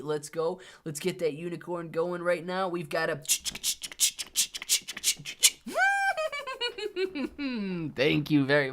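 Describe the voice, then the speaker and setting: Young male streamer, higher-pitched, excitable, breathless market hype. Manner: hyped, thanks viewers by name. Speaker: live stream host. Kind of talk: live stream chat and market commentary.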